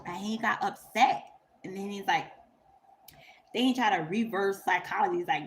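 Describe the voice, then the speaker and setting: A young woman, telling a story to camera in a blunt, profane, animated way and laughing often. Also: mid-range voice, normal speed, long pauses, a little hiss or hum. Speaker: vlogger. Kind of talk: unscripted storytime rant.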